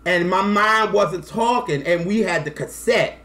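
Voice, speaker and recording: A man in his thirties telling a personal story to camera in a casual, animated way, acting out quotes and close to tears. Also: sits high, a little slow, vocal fry. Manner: animated, acts out quotes, slangy. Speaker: music vlogger.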